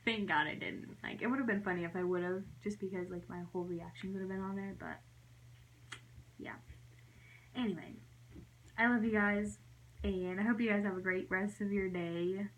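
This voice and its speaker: A young woman vlogger tells a story in a casual vlog at medium pitch, rambling and giggling, with many fillers and soft whispered asides.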